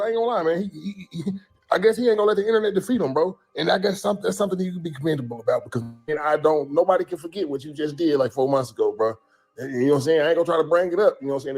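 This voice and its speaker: Commentary guy rambling on fast, loose and chatty, kinda high voice. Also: darkish tone. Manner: rambling, loose, lots of "bro" and "you know what I'm saying". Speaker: commentary host. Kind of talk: casual commentary.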